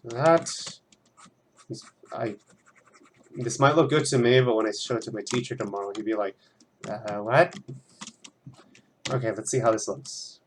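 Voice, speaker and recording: A man's voice: medium pitch, fairly even intonation, normal speed, pauses often, a little hiss or hum. Young man rambling while he draws. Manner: rambling, chatty, swears freely. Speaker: art student drawing on stream. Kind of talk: casual commentary while drawing. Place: at home.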